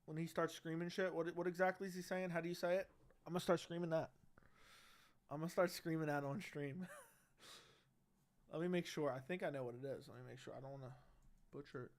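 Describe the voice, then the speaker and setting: A man's voice: a little high, fairly even intonation, brisk, pauses often. A brash young man hosting a casual livestream, reading chat and bantering loosely with slang and swearing into a studio mic. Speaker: livestream host. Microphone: studio dynamic mic.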